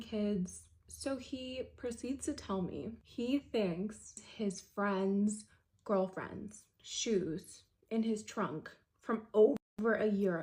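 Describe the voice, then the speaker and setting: A young woman telling a storytime vlog, dramatic and fast, dropping into hushed asides. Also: medium pitch. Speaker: vlogger. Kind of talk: storytime narration.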